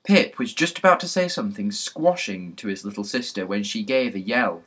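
A man reading a children's mystery novel aloud in a lively storybook narration. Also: lowish voice, moderate pace, few pauses, breathy edge. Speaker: audiobook narrator.

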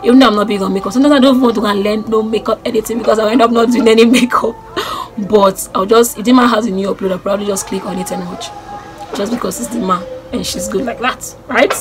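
A young Nigerian woman with a Nigerian accent, chatting excitedly on her vlog and repeating herself as she gushes about people she admires. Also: mid-range voice, quick pace, music in the background. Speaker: YouTuber. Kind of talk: casual vlog chat.

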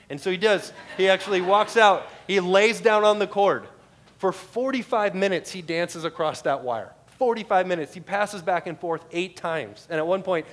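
A man with an American accent preaching a sermon to a congregation, telling stories and asking repeated rhetorical questions. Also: a little high. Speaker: pastor.

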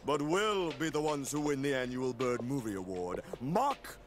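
A man's voice: mid-range voice, very animated, normal speed, slight background noise, close to an everyday voice. An actor playing a flamboyant male disco penguin director in a video game, with a theatrical, posh drawl. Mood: haughty.

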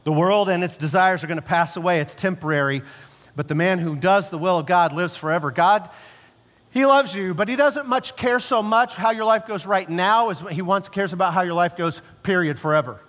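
A male pastor delivers a sermon in a fairly high voice, telling stories with emphasis and slowing down and dropping low for key words. His voice carries through the long reverb of a church sanctuary. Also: a bit bright. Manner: storytelling, emphatic, slows and drops low for stress.

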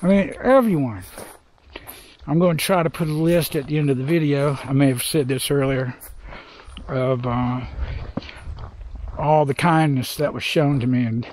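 A man's voice: medium pitch, moderate pace, pauses often, a little mellow, slight background noise. An older man vlogging outdoors on a hiking trail, talking in a heartfelt, rambling way and trying to hold back tears. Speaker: hiker vlogger. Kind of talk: reflective trail vlog.

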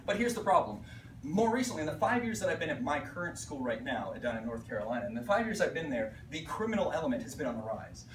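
A man from Pittsburgh, an art teacher giving an animated conference talk to fellow teachers, acting out voices and checking in with "right?" as he goes. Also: a little high, quick pace, slight background noise. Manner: animated storyteller, acts out voices, frequent "right?". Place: conference room. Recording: echoey room recorded from a distance.

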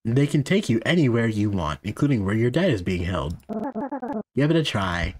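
A man voicing a calm grown-up in a horror game, giving low, steady instructions. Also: moderate pace, slight background noise.

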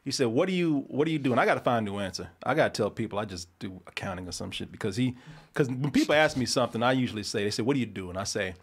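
Animated man telling a bar story. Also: mid-range voice, very fast, breathy edge. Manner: animated, acts out both sides of the conversation, frequent swearing and restarts. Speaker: podcast host telling a story. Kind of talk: casual storytelling chat.

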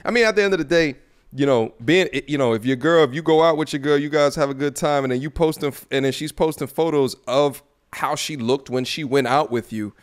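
A man hosting a relationship talk show gives his take in a loose, conversational way. His voice keeps jumping up in pitch when he drives a point home, and he sounds lively and emphatic. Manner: animated, climbs high when making a point. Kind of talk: casual commentary.

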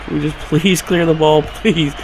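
Hyped young gamer yelling at his match. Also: a little high, steady tone, normal speed, background noise. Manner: hyped, yelling and pleading at the game. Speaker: gaming video creator. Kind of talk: excited live gameplay commentary. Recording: game sound and music clearly behind. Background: video game audio and music.

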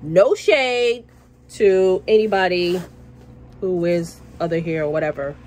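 In a casual chat to camera from inside her workplace, a woman talks passionately, sometimes getting loud, repeating herself and tagging sentences with "okay?" Her lowish voice is unhurried, and the poor audio has a little hiss or hum.

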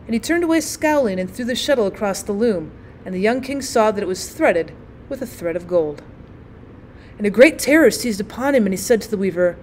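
A woman reading a classic story aloud as a teacher, in a measured and expressive way. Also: medium pitch, slight background noise. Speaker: teacher and narrator.

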